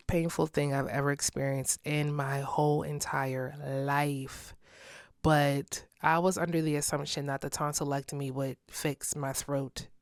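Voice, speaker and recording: A woman's voice: deep voice, no echo, clean studio sound. A young woman hosting a solo podcast, talking candidly in a casual way and laughing often. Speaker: podcast host.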